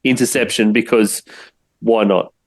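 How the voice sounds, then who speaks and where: An Australian man guesting on a sports podcast, speaking in a measured, deliberate way in casual chat. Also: fairly low pitch, steady tone.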